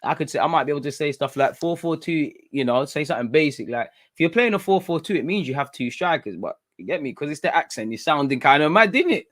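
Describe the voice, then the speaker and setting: A British man from England hosting a casual livestream, chatting in slang, reading viewer comments and talking with animated energy. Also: fairly high pitch, fast, few pauses. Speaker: livestream host.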